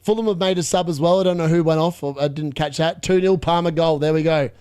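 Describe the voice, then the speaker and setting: High-voiced, excitable young man streaming live. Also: brisk, smooth, no echo, clean studio sound. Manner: excitable, chatty, reacting to live scores. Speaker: fantasy football livestream host. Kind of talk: live watchalong commentary.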